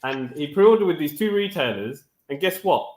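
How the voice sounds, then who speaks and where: Animated man in a roomy space. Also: a little high, moderate pace. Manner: animated storyteller, mimics others' voices. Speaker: panelist. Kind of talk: casual panel chat.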